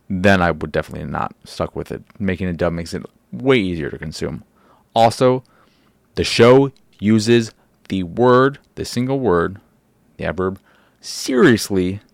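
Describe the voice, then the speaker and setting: A man's voice: low voice, sing-song, unhurried, creaky, no echo, clean studio sound. A man hosting a casual solo podcast who rambles with frequent restarts and casual swearing. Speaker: podcast host.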